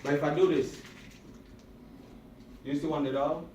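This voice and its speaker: Speaking to high school students, a motivational speaker drives home each point emphatically through repetition and questions to the crowd. His darkish voice, with fairly even intonation at normal speed, is recorded from a distance in an echoey hall with a faint hum of room noise.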